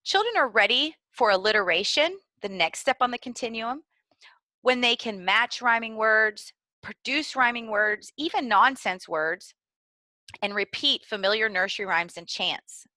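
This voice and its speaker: A woman giving clear, deliberately enunciated instructional narration for preschool teachers. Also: mid-range voice, expressive, pushed and bright, no echo. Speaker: early literacy trainer.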